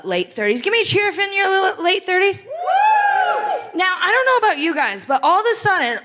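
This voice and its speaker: A woman in her late thirties from Ohio, performing a live stand-up set on a theatre stage with animated, exaggerated delivery. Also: high voice. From Greenville, Ohio, USA. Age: 30s. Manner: animated, exaggerated whiny impressions of friends. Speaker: stand-up comedian.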